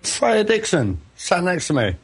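A man's voice: high-pitched, very animated, measured pace, a crowd in the background. A man with an English accent, calling in from home, blunt and swearing, back from the pub. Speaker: caller. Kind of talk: phone call banter.

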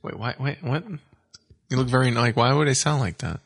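A man's voice: medium pitch, brisk, vocal fry. A man co-hosting a radio talk show, wry and teasing, chuckling through casual banter. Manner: wry, teasing, laughs easily.

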